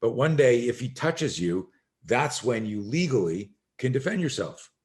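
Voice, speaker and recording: A middle-aged man, a self-defense instructor, telling an animated story as a podcast guest and acting out the voices of the people in it. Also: medium pitch, measured pace. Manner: acts out quoted voices, swearing, emphatic.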